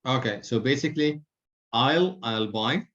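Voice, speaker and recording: A man teaches grammar to a small online class, patient and explanatory. His voice sits at a middle pitch. The audio is slightly muffled, like a lo-fi call. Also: animated, a little slow, fairly bright tone. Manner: patient, explains with spoken examples.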